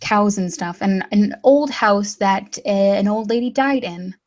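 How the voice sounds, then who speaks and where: A woman from the United States chatting casually as a guest, unhurried and full of fillers. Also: medium pitch, a little mellow. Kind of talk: casual chat.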